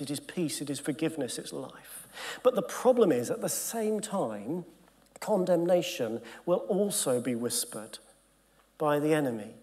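An earnest man preaching to clergy in a conference hall, his voice sitting slightly high for a man. He drives his points home with emphasis, then sinks to a soft near-whisper. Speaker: bishop leading a Bible study. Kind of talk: sermon-style Bible teaching to clergy.

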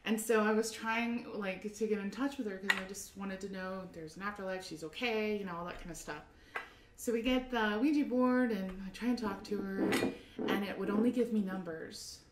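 A young adult woman, an artist guest, telling a story in an excitable, rambling way with frequent laughter and fillers. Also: medium pitch, normal speed, noisy background. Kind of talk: animated storytelling. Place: art studio. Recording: roomy, distant mic, faint ambience.

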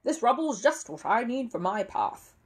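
A woman voicing a gruff, suspicious middle-aged neighbor man who growls and speaks bluntly. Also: fairly high pitch, sing-song, normal speed, voice pushed up.

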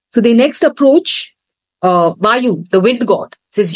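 A woman instructor tells a scripture story with animated, expressive delivery. Her voice sits in a middle register. The recording is dry and close. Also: mid-range voice, moderate pace, no room sound, low-quality recording. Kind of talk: storytelling lesson.

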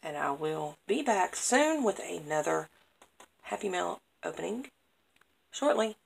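A woman with a fairly low-pitched voice and vocal fry chats unhurriedly to camera while opening craft mail, gushing over everything with excitable, repeated praise. There's slight background noise, and the audio is poor.

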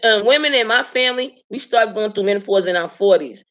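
A woman in her late forties talks straight to her audience in a casual, animated chat, leaning hard on her points and breaking into laughter often. Her voice is bright and sharp-edged, at a middling pitch. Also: brisk. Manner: laughs often while telling stories. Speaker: live stream host.

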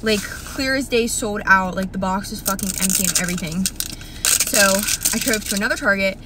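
A young woman chatting casually to her phone camera in a vlog, excitable and swearing freely. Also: medium pitch, moderate pace, background noise. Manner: excitable, swears a lot, squeals and shrieks. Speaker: vlogger.

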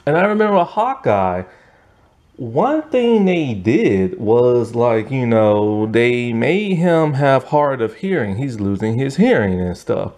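A man's voice: mid-range voice, slow. A man giving a casual, rambling review monologue with lots of fillers and frequent laughs, sounding tired. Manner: rambling, animated, laughs often, many fillers. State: yawning, tired. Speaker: movie and TV reviewer.

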